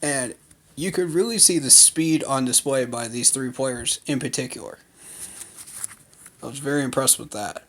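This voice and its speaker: A man's voice: medium pitch, normal speed, a bit bright. A man giving an unscripted recap of a training day, talking loosely with lots of fillers and firm opinions. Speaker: fan commentator. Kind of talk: casual recap vlog.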